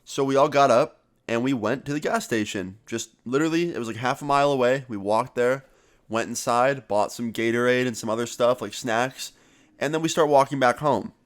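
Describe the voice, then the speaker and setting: A young man vlogger telling a story in a casual, animated way and swearing freely. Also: mid-range voice, a little fast.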